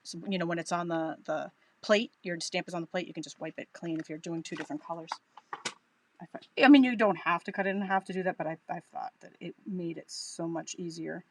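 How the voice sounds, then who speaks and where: A woman with a Boston accent leads a chatty, upbeat live crafting tutorial, thinking aloud as she works. Her voice sits on the low side and her delivery is brisk.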